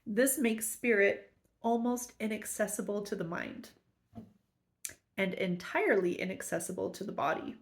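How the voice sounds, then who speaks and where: A woman reading a spiritual text aloud and explaining it, earnest, slowing to repeat the key lines. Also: medium pitch, creaky. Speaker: spiritual study teacher.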